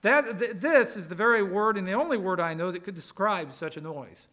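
A man preaching an expository sermon to a church congregation, conversational and folksy, with emphatic slow pauses. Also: high voice, lively intonation, bright, forceful tone. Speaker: pastor.

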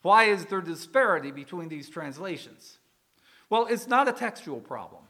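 A man preaching to his congregation in a relaxed, conversational way, often asking the listeners questions. His voice sits high for a man and has a bright, clear edge. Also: moderate pace. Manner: conversational, asks the congregation questions, uses some fillers. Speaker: pastor. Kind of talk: sermon.

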